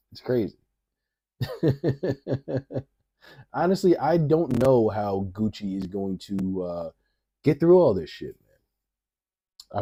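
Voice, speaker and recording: A man's voice: on the low side, mellow. A man reacting to a video in casual, rambling commentary, swearing freely and often laughing as he talks.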